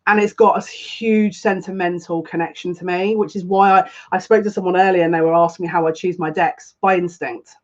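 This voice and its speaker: A woman's voice: lowish voice, fairly even intonation, a little fast, few pauses. A woman hosting a casual live stream as a psychic tarot reader, greeting viewers by name, effusive and on the verge of tears. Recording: slightly dull lo-fi sound.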